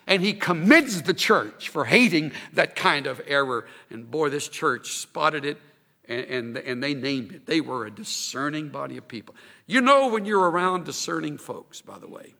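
A man preaching a sermon, emphatic and expressive, building to strong points. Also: a little high, long reverb tail.

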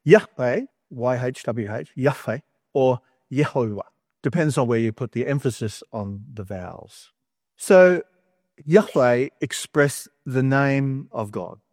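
A man's voice: mid-range voice, expressive, a little slow, darkish tone, no echo, studio quality. A man giving a conversational sermon, chatty and wry, with humorous asides between scripture readings. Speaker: preacher.

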